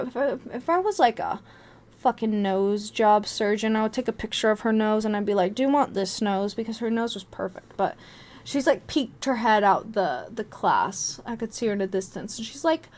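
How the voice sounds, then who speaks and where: A woman's voice: fairly high pitch, animated, normal speed, darkish tone. A young woman host telling a story in a casual, profane and self-mocking way. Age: young adult. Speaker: vlog host.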